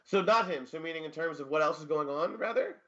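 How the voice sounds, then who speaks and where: A man's voice: fairly high pitch, fast talker, a bit bright, lo-fi sound. A man co-hosting a casual sports podcast, rambling with many fillers and dry jokes. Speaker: fantasy football co-host and teacher.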